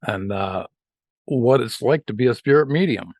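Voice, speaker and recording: A man hosting a podcast interview, hoarse and losing his voice, talking in a halting way and repeating words. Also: medium pitch, expressive, darkish tone, no echo, clean studio sound. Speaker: podcast host.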